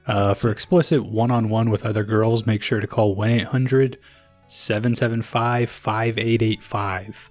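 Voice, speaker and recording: A man co-hosting a casual podcast, reading out an old ad in a flat tone. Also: on the low side, a little slow, dry recording, faint music behind. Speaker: podcast co-host.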